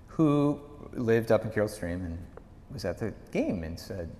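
A male pastor teaching a Bible study in a conversational, storytelling way. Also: measured pace. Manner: conversational storytelling, lively pitch. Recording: echoey hall reverb.

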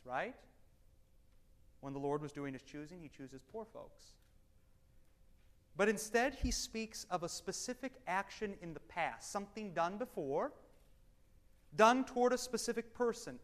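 A man teaching a Bible study class, animated and wry, swinging between loud emphasis and quiet asides. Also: high-pitched. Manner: wry, self-deprecating humor.

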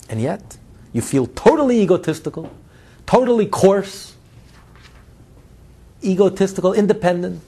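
A man teaching a Hasidic text in a spoken lecture. He builds emphatic runs of repeated phrases, then drops to quiet, low asides. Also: creaky, breathy edge. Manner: swings between loud stress and low, quiet asides. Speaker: Torah teacher.

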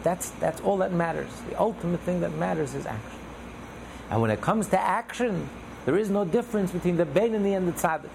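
A man leads a text study class in a gravelly voice, stacking phrase on phrase as he explains. His speech builds through repetition. A steady hum of air conditioning and room noise sits behind him. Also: a little high. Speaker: Torah teacher.

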